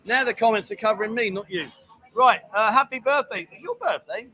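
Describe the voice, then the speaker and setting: A man's voice: high voice, brisk, bright, forceful tone. A man hosting a casual livestream from a bar, teasing his guest and reading viewer comments aloud. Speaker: bar show host.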